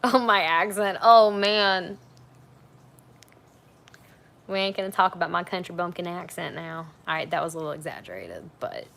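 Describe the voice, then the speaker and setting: A woman's voice: lowish voice, animated, fairly quick, gravelly, fairly bright tone. A young woman hosting a casual livestream from her couch at home on her phone, talking frankly with lots of fillers. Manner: chatty, frank, rambling with fillers. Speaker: livestream host.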